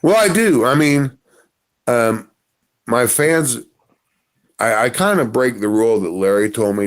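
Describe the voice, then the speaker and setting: A man's voice: mid-range voice, animated, moderate pace. A man, a musician guest on a podcast, telling rambling stories in casual conversation. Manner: rambling storyteller. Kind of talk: casual interview chat.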